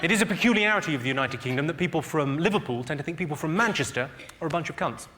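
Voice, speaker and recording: A man doing stand-up, roasting the audience with a deadpan, teasing delivery on stage. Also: fairly high pitch, rapid-fire, a little hiss or hum. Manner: deadpan, teasing crowd work. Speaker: stand-up comedian. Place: live theatre with an audience. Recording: loud audience laughter behind.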